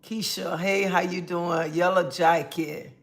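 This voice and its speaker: A woman hosting a casual livestream, greeting viewers by name and chatting in a relaxed style. She says she feels a little under the weather. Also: on the low side. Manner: greets chat viewers by name, drawn-out friendly talk. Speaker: livestream host.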